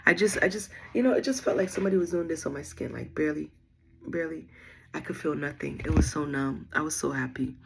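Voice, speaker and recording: Chatty woman with a gravelly voice. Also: deep voice, fast, noisy background. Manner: chatty, rambling, lots of fillers. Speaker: new mother telling her birth story. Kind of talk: casual storytelling vlog. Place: at home.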